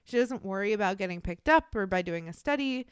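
A young woman retells a true-crime story on her podcast in a loose, chatty way. She swears bluntly and fills her talk with "like". Her voice is clear and smooth, and the recording is close and dry. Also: mid-range voice, animated, brisk, dry recording. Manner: blunt and profane, many fillers like "like". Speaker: podcast co-host.

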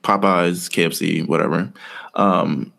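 A man's voice: deep voice, steady tone, a little slow, gravelly, a bit bright. A man co-hosting a podcast, casually rambling through a story with lots of fillers. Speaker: podcast co-host. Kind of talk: casual chat.

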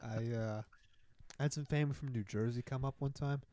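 A man's voice: mid-range voice, steady tone, brisk, warm tone, no echo. Young man, podcast guest, laid-back and hesitant, dry close recording. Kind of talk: casual chat.

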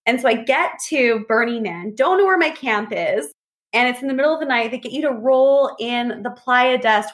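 Woman chatting, higher-pitched, acts out quotes as she tells stories. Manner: animated storyteller, acts out quotes. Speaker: podcast guest. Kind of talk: casual chat.

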